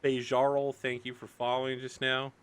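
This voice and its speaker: A man's voice: mid-range voice, monotone, moderate pace. A man running a live-streamed tabletop game as game master, narrating casually with lots of "like". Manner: casual, chatty, lots of fillers like "like".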